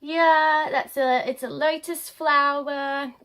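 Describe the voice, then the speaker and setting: A woman's voice: high-pitched, fairly even intonation, slow, fairly bright tone. A young adult woman vlogging casually to camera at home, rambling with many ums.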